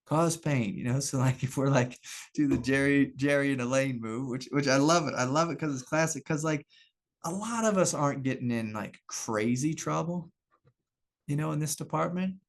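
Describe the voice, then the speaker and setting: A man's voice: medium pitch, moderate pace, vocal fry. A middle-aged man giving a satsang talk as a spiritual teacher, candid and self-reflective, laughing often and repeating phrases. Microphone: video call.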